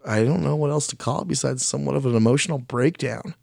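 A man's voice: medium pitch, fast talker, creaky, darkish tone, no room sound, clean studio sound. Blunt, profane man telling a story. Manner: blunt, profane, self-deprecating, restarts often; speaks his mind plainly. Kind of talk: casual spoken storytelling.

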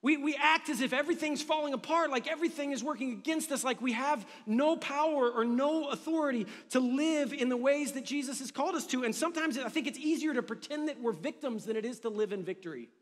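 Male pastor, very high voice, lively chatty preaching, long hall reverb. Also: fast talker, few pauses. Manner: energetic conversational preaching with humor. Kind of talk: sermon.

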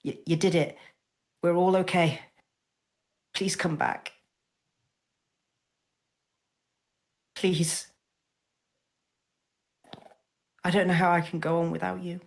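An earnest young male bard, put on by a woman in a tabletop session, low in pitch. He pleads softly and trips over his words at times. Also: lively intonation, measured pace. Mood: pleading. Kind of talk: tabletop role-play in character.

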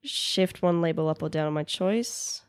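A woman's voice: low voice, normal speed, clean tone, dry recording, studio quality. A woman playing in a tabletop game, narrating her character's actions in a casual, meandering way. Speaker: player.

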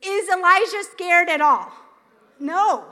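A woman pastor preaching a sermon, retelling scripture in an animated way with acted quotes. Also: very high voice, slow, in a large hall. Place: church sanctuary.

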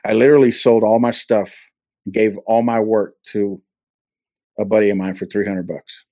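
Lower-voiced man telling his story earnestly. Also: steady tone, moderate pace, warm tone, dry recording, clean studio sound. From California. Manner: earnest storytelling that acts out quoted dialogue. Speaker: interview guest. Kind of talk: personal testimony in a casual interview. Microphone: video call.

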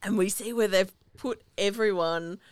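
A woman recapping a film in relaxed podcast chat. Her voice is smooth and clear, recorded dry and close. She tells the story in an animated way, acting out the lines she quotes. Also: medium pitch, normal speed, dry recording. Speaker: podcast co-host.

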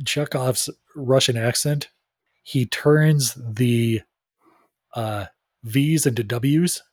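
A man's voice: mid-range voice, very slow, slightly rough, no room sound, clean studio sound. A man co-hosting a casual podcast chat, making wry, chatty side remarks. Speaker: podcast co-host.

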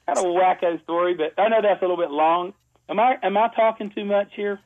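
A chatty man with a high voice tells a long story for an interview, laughing often and trailing off into fillers and restarts. The sound is tinny and narrow, like it is coming down a phone line. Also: quick pace. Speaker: ad music composer, guest.

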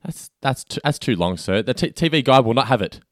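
Man, podcast co-host, joking, animated low voice, dry sound. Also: a little fast, no room sound. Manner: joking, laughs often. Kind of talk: casual chat.

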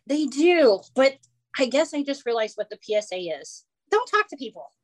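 Woman, podcast co-host, lively storyteller who acts out the people in her stories. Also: sits high, moderate pace, no room sound. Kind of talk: casual storytelling chat.

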